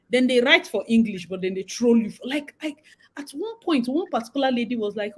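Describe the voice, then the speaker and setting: A young woman with a Nigerian accent hosts a relaxed live chat. Her voice sits a little high, and she talks in an animated way, mixing Pidgin phrases into her English. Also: a little fast, rough recording. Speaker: livestream host.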